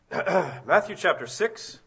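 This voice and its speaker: A middle-aged man giving a sermon as a visiting preacher, reading scripture aloud and slowing down to stress key words. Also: high-pitched, animated, a bit bright, breathy edge. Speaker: guest preacher.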